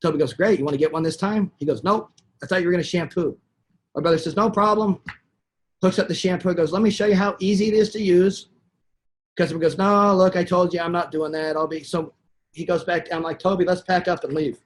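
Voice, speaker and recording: Animated man telling a sales story. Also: sits high, brisk, slight background noise. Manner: animated anecdotal storytelling, acting out quoted dialogue. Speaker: sales trainer. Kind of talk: webinar storytelling.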